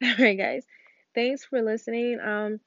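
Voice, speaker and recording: A woman's voice: on the high side, fairly even intonation, unhurried, a bit bright, dry recording, highs cut off. A young adult woman hosting her own podcast, talking candidly and casually with fillers and restarts. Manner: candid, rambling, with frequent fillers and laughs. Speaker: podcast host. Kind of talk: casual solo podcast talk.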